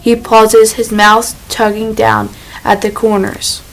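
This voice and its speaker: A woman's voice: on the high side, level tone, slow pace, vocal fry, poor audio. Woman reading a first-person audiobook. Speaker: audiobook narrator. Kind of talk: first-person scripted narration.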